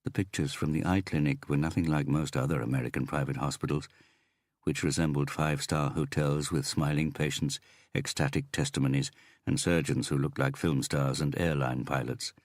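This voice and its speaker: A man narrating an audiobook in a measured, even reading. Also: a bass voice, dry recording, clean studio sound. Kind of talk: scripted narration.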